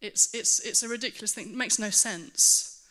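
A woman preaching a sermon to her church, earnest and animated, with self-mocking asides. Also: medium pitch, moderate pace.

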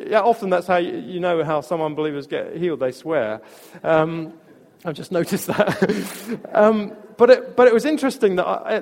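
A man preaching a sermon, telling a story in a conversational way with restarts and soft laughs. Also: high voice. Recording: long reverb of a large hall.

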